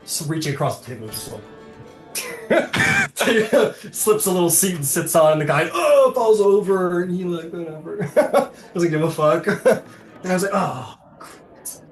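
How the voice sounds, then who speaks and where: A man narrates a tabletop game as its game master, chatty and loose, breaking into laughter often. His voice sits a little high. The room is echoey, with faint music playing behind. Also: huge pitch swings, unhurried.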